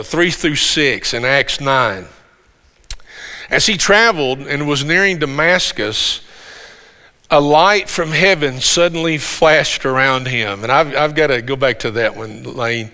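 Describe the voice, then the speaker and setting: A man preaching a sermon as pastor in a conversational way, stumbling over restarts and building to loud emphasis. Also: mid-range voice, a little slow. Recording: long hall reverb.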